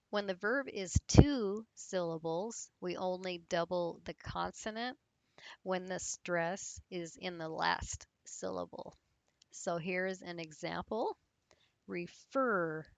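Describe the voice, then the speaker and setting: A woman gives an English grammar lesson in a slow, unhurried way. Her voice sits a little low, and the sound is dry and close with no room echo. She explains patiently and spells words out letter by letter. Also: gravelly. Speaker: English teacher.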